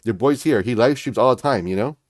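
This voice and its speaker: Male livestream host, hyped and repetitive, mid-pitched, dry close sound. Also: brisk, no echo. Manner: pumped, repetitive, keeps saying "folks, all right?". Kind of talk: hyped market commentary livestream.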